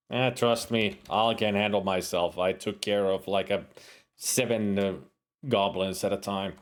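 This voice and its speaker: A man's voice: fairly low pitch, steady tone, unhurried. A man streaming a game, reading its text aloud and joking about his own accents. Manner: joking, self-mocking asides. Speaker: streamer playing a video game.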